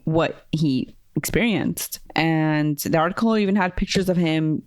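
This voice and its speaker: A woman's voice: low-pitched, measured pace, darkish tone, no room sound, studio quality. A woman co-hosting a podcast, chatting casually and making wry, joking asides. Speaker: podcast co-host. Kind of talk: casual chat, storytelling.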